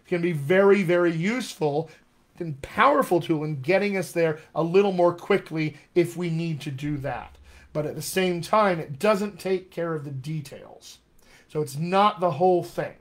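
A man's voice: on the high side, normal speed. A man teaching as a dialect coach in a live online session, enthusiastic and repeating key words for emphasis.

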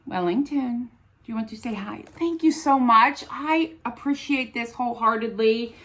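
A woman's voice: fairly high pitch, moderate pace, a bit bright. A woman vlogging as she opens gifts, gushing and gasping with delight. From United States. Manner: gushing, gasping, breathy exclamations. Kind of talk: casual unboxing chat.

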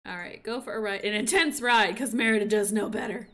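This woman offers brisk, casual commentary at medium pitch while streaming a life-simulation game. Excitable, she bursts into gushing squeals about the animals, with a slight sniffle.

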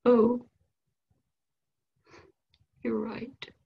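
A woman voicing an upset, excitable young boy who is close to tears, in a high, pleading voice. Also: extremely slow, gravelly, slightly rough, phone-quality sound, exaggerated voice. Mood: realizing.

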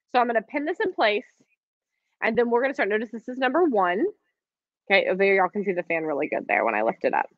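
A woman leads a live online craft class, talking viewers through each step in a friendly, encouraging way and pausing on ums as she works. Her voice sits in a middle range. The sound is dry and a little dull, like a webcam stream. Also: mid-range voice, no echo. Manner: chatty, encouraging, answers viewer questions, many ums. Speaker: quilting instructor.

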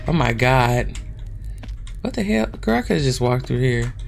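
A woman's voice: a bass voice, very animated, a little slow, gravelly, soft background music. A woman hosting a gaming channel, chatting casually and swearing freely as she plays a horror game and talks straight to her viewers.

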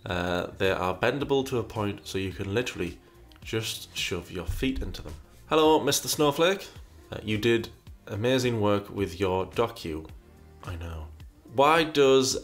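Lowish-voiced man musing over viewer questions. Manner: reads questions aloud, muses, repeats himself. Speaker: host answering viewer questions. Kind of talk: casual chat.

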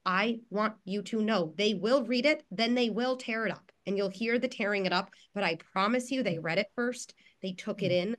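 A woman's voice: mid-range voice, a little fast, hardly any pauses. A woman psychologist giving earnest, reassuring parenting advice on a video call, with frequent restarts and filler words.

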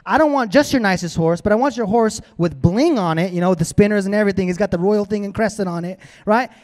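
A man's voice: high-pitched, quick pace, darkish tone, in a large hall, natural voice. A man voicing a boastful, grandiose royal official who lists showy demands.

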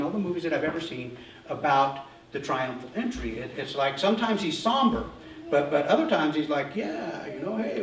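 Animated high-voiced male pastor preaching. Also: echoey room, distant mic, a little hiss or hum, poor audio. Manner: animated storytelling, acts out voices of crowds and leaders. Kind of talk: sermon. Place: church.

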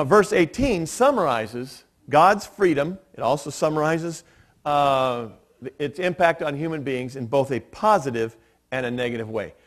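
A male pastor preaching a sermon in a church, explaining steadily with occasional dry self-deprecating humor. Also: a little high. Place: church sanctuary.

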